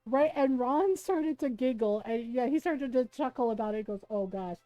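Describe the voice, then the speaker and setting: A woman streamer chatting casually while gaming, telling an animated, profane story with frequent laughter. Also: high-pitched, moderate pace, no room sound, faint music behind, rough recording.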